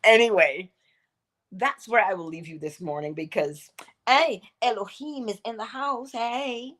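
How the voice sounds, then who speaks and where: A woman hosting an inspirational morning livestream, talking in an animated, emphatic way and laughing often. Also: on the high side, measured pace. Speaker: host.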